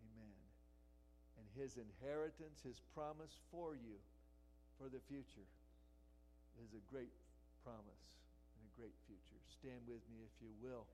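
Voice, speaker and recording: A man preaching a sermon as pastor to a congregation in a church, emphatic, building to loud repeated cries and dropping into quiet prayer. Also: mid-range voice, unhurried, a little hiss or hum, rough recording.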